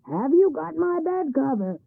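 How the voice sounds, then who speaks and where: Woman doing a loud greedy male troll. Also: high-pitched, big pitch swings, measured pace, gravelly, no echo, voice pushed up, full character voice. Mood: shouting. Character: big gruff male troll, greedy and boastful. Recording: tinny phone-like band-limited sound.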